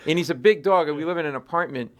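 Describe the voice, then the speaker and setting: A man, a comedian, telling animated stories in an interview and acting out voices in his anecdotes. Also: a little high, very fast. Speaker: comedian guest. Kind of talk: storytelling interview chat.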